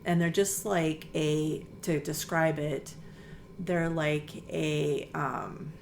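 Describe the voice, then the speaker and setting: A middle-aged woman with a notably low voice tells stories about her quilt shop in a relaxed interview. She talks in a chatty, enthusiastic way, full of fillers and asides. A faint hiss of background noise sits under the recording. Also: takes it slowly, gravelly. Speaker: quilt shop owner, guest. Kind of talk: casual interview conversation.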